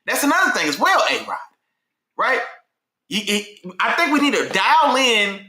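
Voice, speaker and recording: A man hosting a casual sports talk show, speaking in a slangy, animated way and repeating himself when worked up. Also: high voice, moderate pace, roomy sound. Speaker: sports podcast host.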